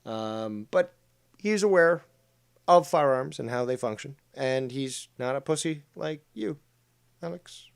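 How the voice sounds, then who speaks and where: Profane man ranting loudly. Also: expressive, a little slow, gravelly, clear, resonant tone. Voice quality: profane and blunt, swings between loud rants and low asides. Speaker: commentator reacting to clips. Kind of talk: crude ranting commentary.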